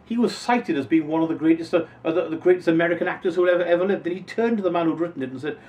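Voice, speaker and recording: Expressive male voice actor, slightly distant. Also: on the high side, racing. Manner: expressive, savoring individual words. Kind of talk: casual interview answers. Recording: voice a bit distant from mic, faint noise.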